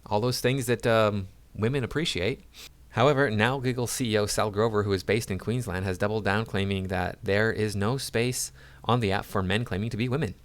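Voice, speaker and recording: A man's voice: lowish voice, fairly even intonation, fairly quick. A man hosting his own channel, reading news articles aloud and breaking in with sarcastic, mocking asides. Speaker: YouTube commentator.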